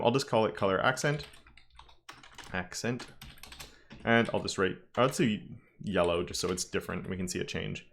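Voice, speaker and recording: A man's voice: on the low side, a bit bright, slight background noise. A man teaching a live-streamed coding lesson, talking casually and thinking aloud with frequent self-corrections. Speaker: web development instructor.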